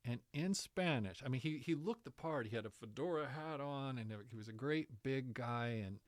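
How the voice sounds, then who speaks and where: A man telling a travel story in a casual interview, animated and laughing often. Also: mid-range voice, normal speed, no echo, studio quality. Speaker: guest, distance education coordinator.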